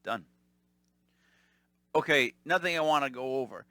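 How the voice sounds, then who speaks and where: Male podcast host, rambling storyteller, lively pitch, bright tone, dry close sound. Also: moderate pace, dry recording. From Italian-American family. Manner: animated, rambling, mimics callers. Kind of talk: casual storytelling monologue.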